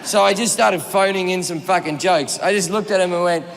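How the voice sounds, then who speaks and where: A man with an Australian accent works a live stand-up set, spinning a rambling, profane anecdote and acting out everyone in it. His voice sits high and gravelly. The sound comes from a reverberant venue with loud ambience behind him. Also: fairly quick. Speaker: stand-up comedian. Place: comedy stage before a live audience.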